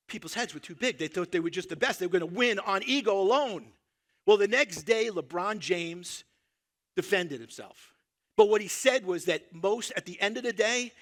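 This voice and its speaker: A middle-aged man with a New York accent works a live audience as a motivational speaker. His voice sits high and bright, with a sharp, forceful edge. He drops to hushed asides and then comes back loud for the punchlines. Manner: animated, big swings between loud punchlines and hushed asides; quotes people in his own voice, addresses the crowd directly. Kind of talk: live keynote storytelling to an audience. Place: stage before a live audience.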